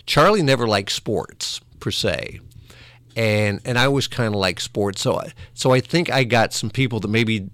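A former morning radio host telling old stories in a relaxed conversational way, self-deprecating and laughing often, with small restarts. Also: male voice, fairly low pitch, normal speed, no room sound. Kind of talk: conversational storytelling.

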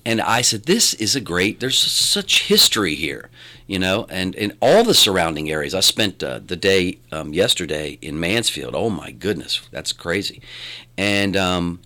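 Animated middle-aged man with a West Virginia accent. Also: sits low, a little slow. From born in Louisiana, raised in West Virginia. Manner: rambling, animated, restarts often. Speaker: guest, filmmaker and radio announcer. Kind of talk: conversational interview.

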